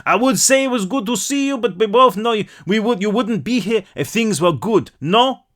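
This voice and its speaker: Brief: man reading as a big friendly French baker, exaggerated French accent, loud, high and lively. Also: moderate pace. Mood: hearty. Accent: put-on French.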